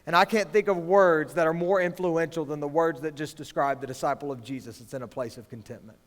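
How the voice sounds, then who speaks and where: A man preaching to students as youth pastor, swinging from hushed lines to loud, emphatic ones. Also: fairly high pitch, brisk. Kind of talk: sermon to students. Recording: long reverb of a large hall.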